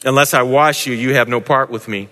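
A man voicing a calm, gentle male teacher who speaks low, soft and measured. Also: close to an everyday voice. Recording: echoey hall.

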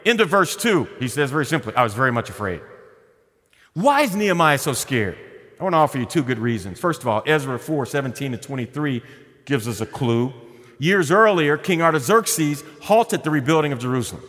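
A middle-aged man preaches with warm humor, and his pitch swings widely, from bright highs down to hushed, quiet lines. His voice sits a little high for a man. It rings with a long hall reverb. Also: animated, fairly quick. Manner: conversational preaching with humor and sudden drops to a quiet voice. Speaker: pastor. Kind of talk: sermon.

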